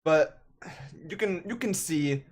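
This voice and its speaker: A man's voice: fairly high pitch, expressive, takes it slowly, darkish tone. A young man in his twenties, a gaming YouTuber, ranting in casual, sarcastic commentary.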